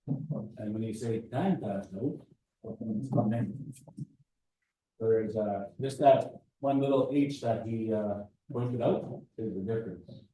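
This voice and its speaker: A man adds measured remarks to the lesson, speaking slowly. His tone is very dark. He sounds far from the mic in a strongly echoing room. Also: medium pitch, slight background noise. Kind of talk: classroom explanation.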